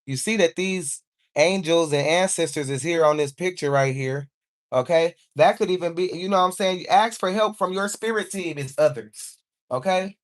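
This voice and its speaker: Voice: mid-range voice, moderate pace. Card reader peppering her talk with "okay?". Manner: encouraging, repeats "okay?" often; informal speech, calls on angels. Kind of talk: live intuitive card reading.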